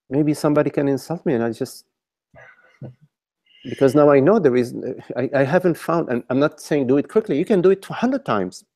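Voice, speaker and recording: A man's voice: medium pitch, animated, normal speed, warm tone, no echo. A man leading a contemplative dialogue over an online call, searching for words and often repeating and restarting his phrases. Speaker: spiritual teacher.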